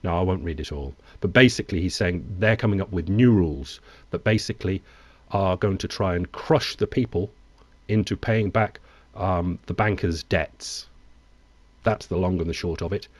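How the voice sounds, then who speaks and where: A man with a very low voice comments on economic news in a wry, digressive way. He alternates between reading from articles and adding his own asides. The sound is dry and close. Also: normal speed, darkish tone, dry recording.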